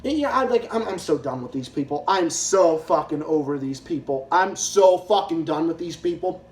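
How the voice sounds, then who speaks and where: A man's voice: a little high, lively intonation, moderate pace. A man ranting angrily in a profane, repetitive way, giving political commentary. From Massachusetts, US. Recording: echoey room.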